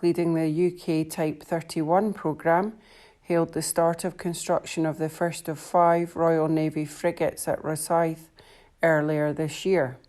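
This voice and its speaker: A Scottish woman, a volunteer, reading news articles aloud in a measured, plain way. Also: low-pitched, a little mellow. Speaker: volunteer newspaper reader.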